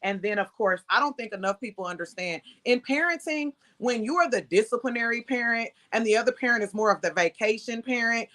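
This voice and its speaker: A woman's voice: on the high side, a little fast, hardly any pauses, a bit bright. A woman, speaking frankly and conversationally as an interview guest. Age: 30s. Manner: frank, laughs readily, conversational. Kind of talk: candid interview talk.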